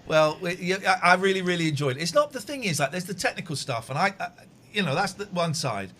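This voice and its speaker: A man hosting a casual livestream, chatting with a co-host and a caller, excitable and swinging from mumbles to shouts. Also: high-pitched, quick pace.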